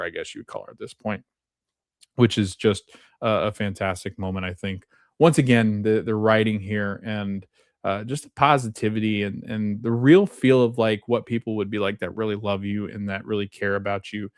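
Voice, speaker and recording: Male podcast host, slightly low voice, dry close sound, casual recap delivery, filler-heavy and laughing. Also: fairly even intonation, brisk, no room sound. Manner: chatty, many fillers, laughs often while retelling scenes.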